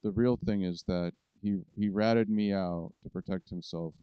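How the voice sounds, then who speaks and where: A man's voice: low voice, steady tone, a little slow, clear, resonant tone, dry recording. A man in a rambling, profane political monologue, ranting to his viewers. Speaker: vlogger. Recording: dull lo-fi recording, dry.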